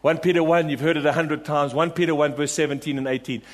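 A man's voice: fairly high pitch, fairly even intonation, fast talker. A man preaching a sermon, emphatic and repetitive, rallying his congregation with questions and refrains. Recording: long reverb of a large hall.

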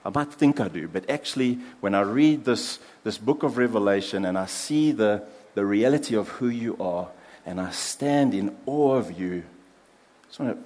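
A man preaching a sermon as pastor, earnest, dropping soft for prayers and building emphasis in lists. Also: on the low side, animated, normal speed, in a large hall.

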